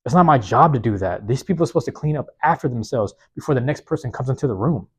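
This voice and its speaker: Slangy, slightly hoarse male podcast host. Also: mid-range voice, lively intonation, fast. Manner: casual slangy talk, repeats key phrases for emphasis. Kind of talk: solo motivational monologue. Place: small university back room. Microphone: plug-in microphone on a phone.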